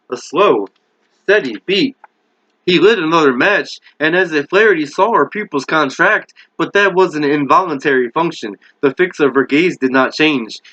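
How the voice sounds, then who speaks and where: A man's voice: on the high side, pushed and bright, muffled recording. A man reading a horror novel aloud as a hobby reader, with small slips and corrections and light character voices. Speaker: amateur book reader.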